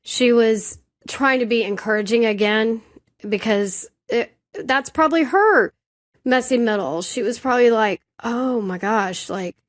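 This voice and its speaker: A woman co-hosting a podcast, telling a personal story in casual chat, animated and self-deprecating. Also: on the high side, a little slow. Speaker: podcast co-host.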